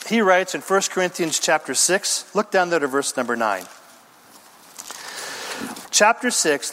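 A male pastor preaches with a high, lively voice that swings widely in pitch. His delivery is emphatic and theatrical, with pauses and rhythmic lists. The sound carries a long reverb from a church sanctuary. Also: a little hiss or hum. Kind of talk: sermon.

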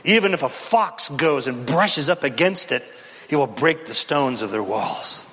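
A man's voice: mid-range voice, lively intonation, measured pace, bright, forceful tone, slightly rough, voice pushed down, heavily acted. A man voicing a dismissive male enemy official who scoffs, in a reverberant hall. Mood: scoffing.

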